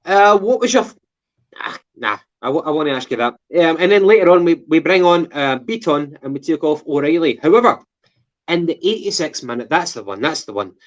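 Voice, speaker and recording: A man's voice: on the high side, expressive, a little fast. A Scottish man co-hosting a casual football podcast, rambling with restarts and plenty of swearing. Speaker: podcast co-host. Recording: dull lo-fi sound.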